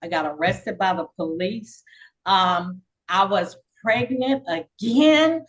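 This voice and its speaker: An older woman, a podcast guest, telling her life story in a casual, lively way and acting out the voices of people she quotes. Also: medium pitch, slow pace, low-quality recording. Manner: lively, acts out quoted dialogue; frequent fillers and repeats.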